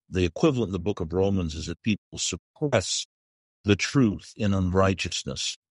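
An older man, a pastor, explaining theology as a radio guest, thoughtful and halting as he restarts his sentences. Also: low voice, no echo, clean studio sound. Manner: thoughtful, halting, repeats words as he starts.

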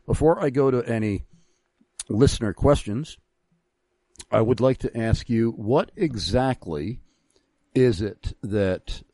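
A man hosting a Christian radio interview show, reading an ad and then questioning his guest with measured, halting phrasing. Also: medium pitch, dark tone, dry recording.

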